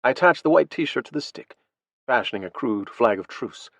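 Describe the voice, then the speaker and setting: A man reads a first-person audiobook in a steady voice at a middle pitch. His delivery is even and measured. The sound is dry and close, with no room echo. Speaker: audiobook narrator.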